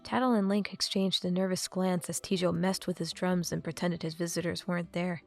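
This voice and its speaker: A woman's voice: fairly low pitch, little pitch movement, a little fast, darkish tone, soft background music. A woman narrating a fantasy novel as an audiobook reader.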